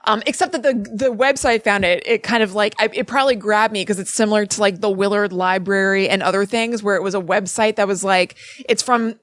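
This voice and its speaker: A woman's voice: medium pitch, fairly even intonation, brisk, few pauses, a bit bright, dry recording. Chatty woman co-hosting a podcast. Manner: chatty, rambling, many fillers and laughs. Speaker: podcast co-host. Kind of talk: casual chat.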